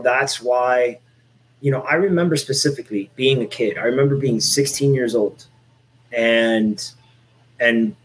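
A man's voice: medium pitch, poor audio. A man in his forties from Miami, Florida, talking candidly and at length in a casual podcast chat, with lots of "like" and "you know" and some swearing. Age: 40s. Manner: candid, rambling, swears freely.

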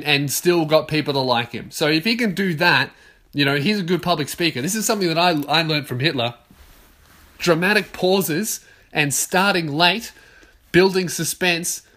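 A man's voice: a little high, fairly bright tone. A young man hosting a casual solo podcast, rambling and swearing, laughing at his own jokes. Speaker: podcast host.

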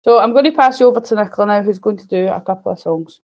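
A woman presenting a children's session and reading a storybook aloud in a clear, gently expressive manner. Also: medium pitch, fast talker, lo-fi sound. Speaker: early years student presenter.

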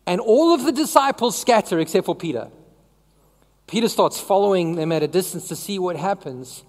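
A woman's voice: lowish voice, animated, moderate pace, darkish tone, long reverb tail. A woman preaching a sermon in a conversational way, often asking the congregation questions.

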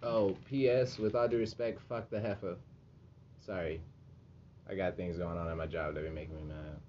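A man's voice: low voice, steady tone, normal speed, mellow. A young man co-hosting a podcast in laid-back, slangy casual chat. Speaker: podcast co-host. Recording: dull lo-fi audio with faint noise.

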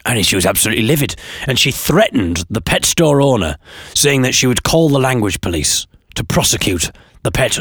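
A man's voice: mid-range voice, fairly bright tone, no room sound. A playful man tells comic stories, his voice swooping up and down a lot. The sound is dry and close to the mic. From northeast England. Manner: playful, mock-grand. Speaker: podcast host and singer. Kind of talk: comic storytelling.

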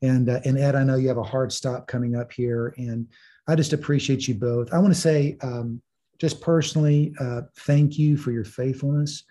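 A man hosts an interview with a mellow, husky voice. He reflects on and summarizes his guests' points at a measured pitch. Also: fairly even intonation. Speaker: host. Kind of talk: interview conversation.

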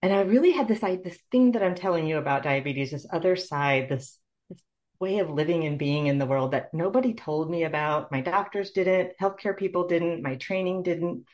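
A woman's voice: fairly low pitch, moderate pace, a little mellow, dull audio. A middle-aged woman, a nurse, telling her personal story in an interview in an earnest, heartfelt way. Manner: earnest, heartfelt, tearful at moments. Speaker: guest, nurse.

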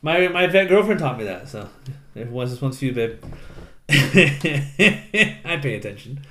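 A young man co-hosts a podcast and talks through a movie in a loose, giggly way, swearing and acting out the scenes as he goes. His voice sits at an ordinary middle pitch. The recording has a roomy echo. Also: big pitch swings, a little slow, bright, forceful tone. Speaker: podcast co-host. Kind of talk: casual chat recapping a movie.

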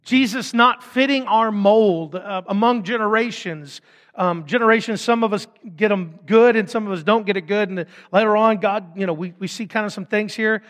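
A man's voice: high voice, moderate pace, fairly bright tone. A man, preaching a sermon, reading scripture and breaking into joking asides and acted-out voices. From Fort Smith, Arkansas. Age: 30s. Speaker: pastor. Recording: long hall reverb.

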